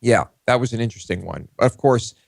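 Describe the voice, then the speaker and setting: A man's voice: medium pitch, a little fast, gravelly, no room sound, clean studio sound. A man co-hosting a talk show, chatting casually and hesitantly with many filler sounds. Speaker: co-host. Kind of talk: casual chat.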